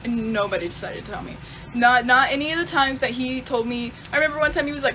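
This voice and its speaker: A woman's voice: sits high, fast, background noise. Profane young woman telling a story. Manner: profane, rambling, fillers like "type beat". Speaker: storyteller in a clip. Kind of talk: casual storytime confession.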